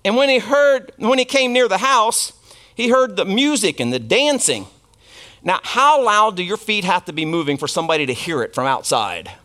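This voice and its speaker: A man delivers a sermon in a high, light voice. He tells the story loosely and conversationally. He breaks off to toss asides and questions to the congregation. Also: sing-song, moderate pace, bright, forceful tone. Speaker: pastor.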